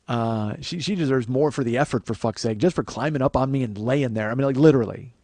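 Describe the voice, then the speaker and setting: A man hosting a podcast, telling a candid, profane comedic story with frequent fillers and animated acted-out quotes. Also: mid-range voice, vocal fry, no room sound.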